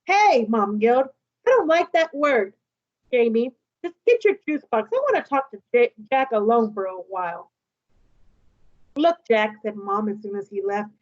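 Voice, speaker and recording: A woman with a fairly high voice reads a children's novel aloud to her class. She reads with lively expression and gives each character's dialogue some life. The recording sounds a little muffled. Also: normal speed. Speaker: teacher reading aloud.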